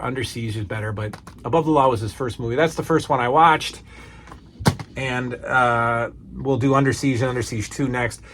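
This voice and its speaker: A man in a relaxed vlog, chatting at an easy, unhurried clip with plenty of ums and restarts. His voice sits at an ordinary middle pitch, and a faint hum of background noise runs under the talk. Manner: rambling, with many fillers and restarts. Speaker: movie collection vlogger. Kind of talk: casual to-camera chat.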